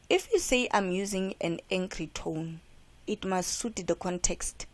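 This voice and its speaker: A woman's voice: on the low side, a little slow. A woman with a South African accent, an English teacher explaining how to answer comprehension questions and checking in with "right?". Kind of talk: classroom lesson explaining exam questions.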